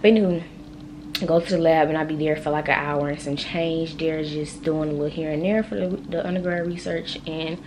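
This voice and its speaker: Young woman, deep-set speaking voice, chatty rambling college vlogger. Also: fairly even intonation, a little fast, background noise. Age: young adult. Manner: rambling and chatty, talks straight to viewers. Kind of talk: casual vlog chat. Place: her room at home at night.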